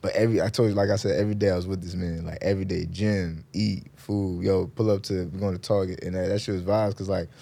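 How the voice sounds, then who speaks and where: A young man co-hosting a podcast, talking about friendship in a relaxed, casual chat. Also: deep voice, fast talker, creaky, few pauses. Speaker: podcast co-host.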